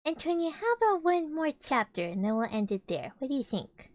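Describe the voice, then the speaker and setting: A woman's voice: high-pitched, big pitch swings, brisk, dry recording, clean studio sound. A young woman streamer reading a storybook aloud with casual, chatty and giggly asides between passages.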